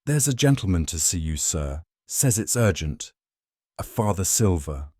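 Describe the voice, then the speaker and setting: A man voicing a brisk landlady. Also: deep voice, sing-song, warm tone, breathy edge, no room sound, clean studio sound, full character voice. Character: brisk elderly woman housekeeper.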